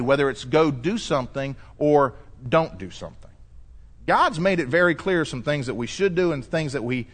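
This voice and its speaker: A male pastor delivering a lively sermon, telling stories and acting out voices as he preaches. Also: a little high. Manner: animated storytelling preacher, shifting pace, acts out quotes.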